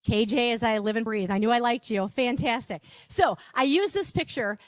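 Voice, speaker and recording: A woman's voice: on the high side, normal speed, no echo, clean studio sound. A woman with a Wisconsin accent giving a live workshop presentation, chatty, with asides and rhetorical questions to the audience.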